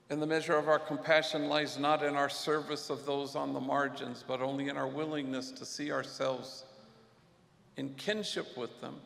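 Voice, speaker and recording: A man with a deeply gravelly, slightly high voice tells a story to a luncheon crowd. He speaks unhurriedly and reflectively, slipping in Spanish slang. His voice echoes through a large hall with a long reverb. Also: fairly bright tone. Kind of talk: storytelling speech. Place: event hall.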